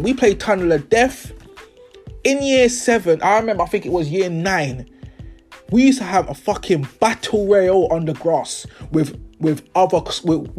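A man's voice: high voice, darkish tone. A young man, hosting a podcast and telling stories in a casual, slangy, swearing way, acting out the people he talks about. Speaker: podcast host. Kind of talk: casual storytelling monologue.

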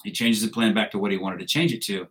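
A man's voice: fairly low pitch, fast, a bit bright. A man, a military veteran, telling a combat story in a blunt, casual, profane way with wry laughs.

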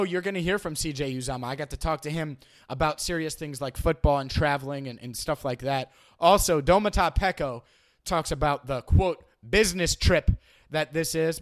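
A young man hosting a casual sports podcast, chatty and self-deprecating, often stumbling and repeating words. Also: a little high. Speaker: podcast host.

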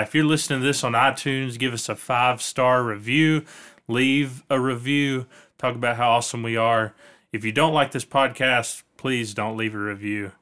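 Speaking into a podcast microphone, a medium-pitched man with a sharp tone hosts his show. He chats loosely and jokes his way through the sponsor reads.

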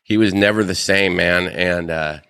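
A man with a low voice co-hosts a podcast and tells stories in a relaxed, easygoing way. The recording is dry and close. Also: normal speed, smooth, no echo. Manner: easygoing anecdotal storytelling. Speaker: podcast co-host. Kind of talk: casual chat.

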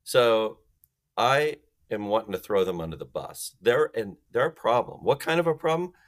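A man's voice: fairly low pitch, big pitch swings, normal speed. A man talking as a guest expert on a sales podcast. He explains things emphatically and acts out phone calls in different voices.

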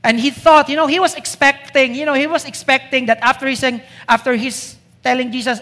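A man's voice: very high voice, normal speed, sharp tone. A man preaching a sermon to a congregation, emphatic, driving points home with repeated rhetorical questions. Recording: long reverb of a hall.

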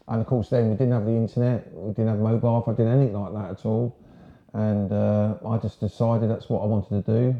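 A man's voice: on the low side, steady tone, quick pace. A man in his sixties from Sussex, England, a former marine telling his story in a casual, frank, rambling way. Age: 60s. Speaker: guest, ex-marine. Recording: roomy, dull lo-fi sound.

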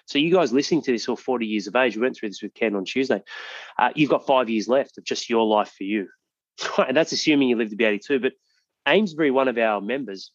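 A man's voice: medium pitch, no room sound, highs cut off. A man hosting a podcast, talking earnestly and motivationally and swearing freely. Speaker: podcast host. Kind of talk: casual podcast chat.

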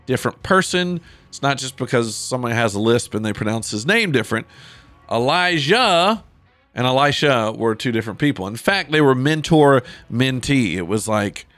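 A male pastor talks through a Bible passage for his podcast, loose and conversational, full of little asides. He reads the verses aloud and comments as he goes. His voice sits at a middling pitch and is recorded close and dry, with no room sound. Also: animated, brisk, a bit bright, dry recording, faint music behind. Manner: casual, conversational, with asides and fillers.

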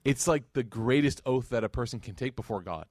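A young man teaching a lecture to a live audience in a chatty, story-driven way. His voice sits at an ordinary middle pitch and sounds close and dry. He acts out quoted speech with sudden lifts in his voice. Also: lively intonation, fairly quick, a little mellow, dry recording.

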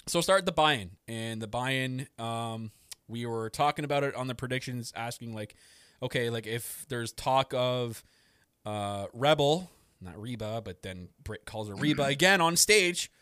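A man hosting a casual podcast, talking in a rambling, excited way and often laughing. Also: medium pitch, a little slow, clear, resonant tone, no echo, studio quality. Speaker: podcast host. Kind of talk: casual wrestling podcast chat.

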